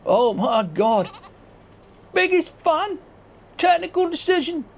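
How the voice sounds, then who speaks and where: A man putting on a raging high-voiced farmer. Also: big pitch swings, takes it slowly, creaky, heavily acted. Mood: outraged. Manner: ranting, threatening, yelling. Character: furious shouting male farmer, hot-tempered. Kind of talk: game video character voice.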